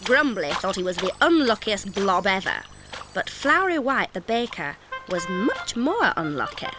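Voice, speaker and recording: A woman narrating a children's cartoon story in a gentle, clear storytelling voice. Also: medium pitch, very animated, moderate pace. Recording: music playing under the voice.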